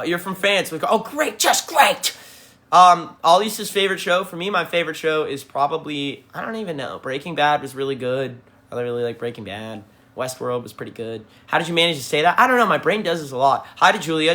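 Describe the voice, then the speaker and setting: A man with a slightly high, sharp, bright voice chats in a livestream Q&A as a band frontman. His talk is blunt and emphatic, heavy on swearing, and it rambles through restarts and fillers. He is picked up on a phone livestream mic. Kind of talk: livestream Q&A chat.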